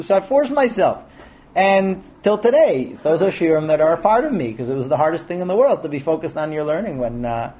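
A man leading a Torah class, talking with a somewhat high voice. He is lively and animated, slipping into the voices of the people he quotes and throwing rhetorical questions at his listeners. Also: a little hiss or hum. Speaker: rabbi teaching a Torah class. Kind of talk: lecture to a class of men.

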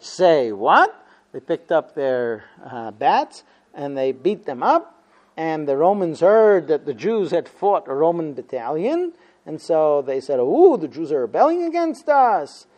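A man with a fairly high but mellow voice tells a story to his class. He acts out the quotes with energy and pauses often on fillers. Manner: animated storyteller, acting out quotes, many fillers. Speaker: teacher of a Talmud class. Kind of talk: storytelling lesson.

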